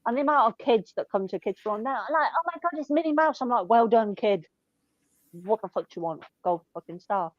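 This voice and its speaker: A young woman in her twenties chats casually, blunt and deadpan, peppering her stories with swearing. The sound is dull and lo-fi, close and dry with no room around it. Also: mid-range voice, moderate pace, no echo. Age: 20s. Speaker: shop worker telling stories. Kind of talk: casual chat.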